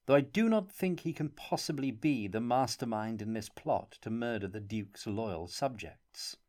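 A man voicing a mild, softly ironic young traveling player in an audiobook reading. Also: mid-range voice, lively intonation, a little slow, close to an everyday voice. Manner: mild, soft-spoken, subtly ironic.

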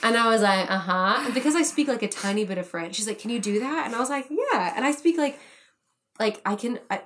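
Animated young woman telling a story. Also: fairly high pitch, fast talker, a little hiss or hum. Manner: animated, swearing, acts out quotes loudly. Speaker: podcast guest. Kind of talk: casual storytelling chat.

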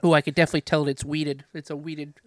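A man's voice: a little high, little pitch movement, fast, no echo, studio quality. A man with a head cold, co-hosting a podcast in blunt, casually profane chat. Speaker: podcast co-host.

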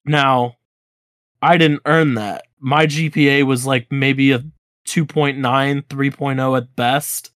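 A young man in his twenties co-hosts a podcast and tells a school story in a casual chat, animatedly acting out the quoted dialogue. His mid-range voice is slow, and the recording is dry with clean studio sound.

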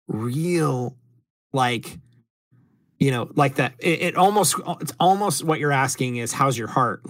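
Reflective American podcast host, dry mic. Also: male voice, mid-range voice, fairly bright tone, dry recording. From United States. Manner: reflective, measured, with filler ums. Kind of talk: casual podcast chat.

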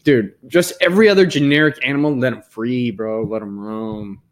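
A man's voice: medium pitch, normal speed. A man co-hosting a podcast, chatting casually with a loose, profane, laid-back way of talking. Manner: laid-back, profane, says "dude" constantly. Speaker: podcast co-host. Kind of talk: casual chat. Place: Dallas area.

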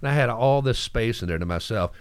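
Guy hosting morning radio, tells stories all animated, dry close sound. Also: medium pitch, fast, clear, resonant tone, no echo. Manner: animated, acts out voices in his stories. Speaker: radio morning show host. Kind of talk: casual radio chat and storytelling.

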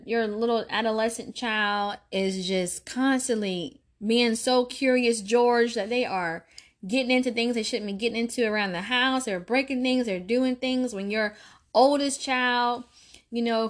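Earnest woman preaching on faith. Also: on the high side. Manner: earnest, preacherly, repeats phrases for emphasis. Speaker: podcast host. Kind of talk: faith-based parenting talk.

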